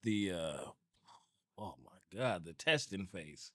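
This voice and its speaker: A man co-hosting a podcast in casual chat, animated and laughing often as he tells parenting stories. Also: slow, no echo, studio quality. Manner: animated, laughs often, breaks into high-pitched quoted voices. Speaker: podcast co-host.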